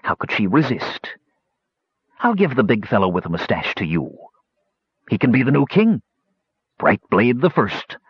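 A lonely, unhinged king rants with grandiose menace, his voice swinging from hushed threats to loud outbursts, as a man acts him out. The tone is husky and lively in pitch. The recording is dull and dry. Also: normal speed, pauses often, no echo.

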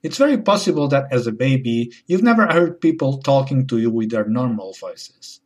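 A man delivering a wry, deadpan comedy monologue as host. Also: medium pitch, normal speed. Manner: deadpan, wry, switching into mocking voices.

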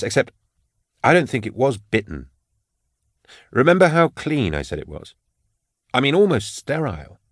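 A man reading the part of a wry male forensic scholar with a dry wit, explaining in a measured way. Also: lowish voice, breathy edge, dry recording. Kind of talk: audiobook character reading.

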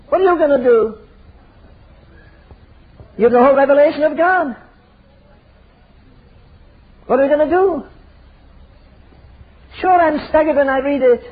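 A man's voice: very high voice, steady tone, normal speed. An older man preaching a fiery, emphatic sermon full of rhetorical questions. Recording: tinny phone-like sermon recording.

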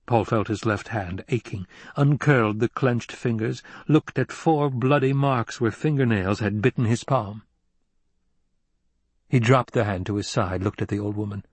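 A man narrating a novel as an audiobook in an even, unhurried storytelling manner. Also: lowish voice, breathy edge, dry recording. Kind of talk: scripted narration.

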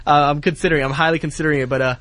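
A man's voice: fairly high pitch, steady tone, racing, a bit bright, dry recording. A young man, an intern, retelling a breakup on the radio in a rambling, heated way with many fillers. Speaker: intern telling his story on air. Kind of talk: casual storytelling.

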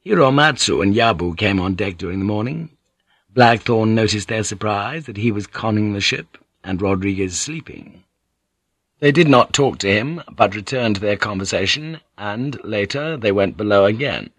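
Low-voiced man narrating a novel. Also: normal speed, fairly bright tone, no room sound. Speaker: audiobook narrator. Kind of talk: scripted narration.

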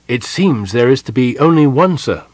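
A man's voice: medium pitch, animated, normal speed, a little mellow, no room sound, voice pushed up, close to an everyday voice. A man voicing a dutiful young male knight who is firm and protective. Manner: earnest, respectful, urgent.

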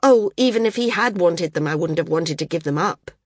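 A woman's voice: lowish voice, animated, brisk, no echo, clean studio sound. A woman reading the part of an impassioned female flyer pleading her case before an assembly.

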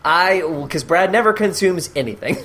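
A man's voice: a little high, expressive, normal speed, fairly bright tone, slight background noise. A man co-hosting a comedy podcast, joking theatrically and reading an article aloud with mock drama. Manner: theatrical, jokey, bursts into mock villain voices. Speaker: podcast co-host. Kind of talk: comedic casual chat.

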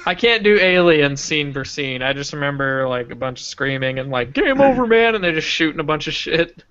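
A man on a casual podcast, retelling a movie in a profane, animated way. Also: on the high side, a little fast, muffled recording, slight background noise. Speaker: podcast co-host.

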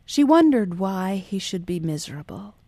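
A woman narrating a novel as an audiobook in a measured, calm reading. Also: medium pitch, dry recording.

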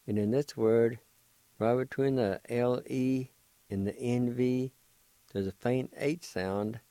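A man's voice: lowish voice, dark tone, dry recording, rough recording. An older man hosting a radio language lesson, patiently spelling words letter by letter and repeating each pronunciation. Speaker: radio host teaching language.

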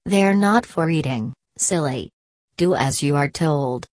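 A brisk, commanding fairy godmother, as a woman reader puts her on from a storybook. The voice sits low and the orders come quick and firm. Dry, close sound. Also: expressive, a little mellow, no room sound.

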